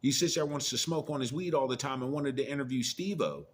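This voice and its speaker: A man's voice: medium pitch, fast. A middle-aged man giving a profane, preachy monologue of blunt warnings in casual rant style. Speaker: commentator.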